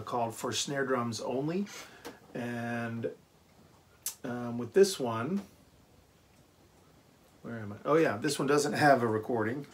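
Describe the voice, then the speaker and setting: A man's voice: mid-range voice, slight background noise. Man teaching snare drum, easygoing. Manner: relaxed, encouraging, many ums and okays. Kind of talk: casual instructional talk.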